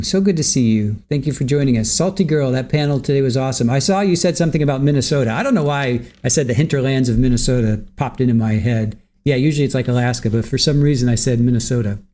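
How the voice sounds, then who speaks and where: A man's voice: medium pitch, expressive, fast, warm tone. A man hosting a livestream, greeting viewers from the chat by name and chatting casually while waiting for court to start. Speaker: livestream host.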